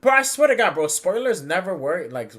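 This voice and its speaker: Excitable high-voiced man telling stories. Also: fairly quick. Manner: excitable, profane, acts out his own reactions. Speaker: podcast host. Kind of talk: animated casual storytelling.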